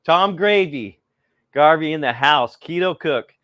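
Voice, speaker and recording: A man's voice: fairly high pitch, animated, measured pace, fairly bright tone, dry recording, lo-fi sound. A middle-aged man hosting a live cooking stream, rambling casually and greeting viewers by name, a little cold.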